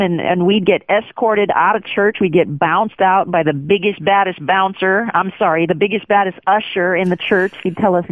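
Woman guest, frank storyteller, animated, heard down a narrow phone line. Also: mid-range voice, normal speed, few pauses, no echo. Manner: candid and animated, acts out quotes. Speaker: guest sharing her testimony. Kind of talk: personal storytelling on a phone interview. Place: Hawaii.

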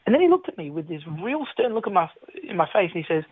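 Aussie guy on the phone to a radio show, telling his story, bit high voice, keeps restarting and chuckling. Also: sing-song, fast, husky, dry recording. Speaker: interview guest. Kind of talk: personal faith testimony. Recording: tinny phone line, dry.

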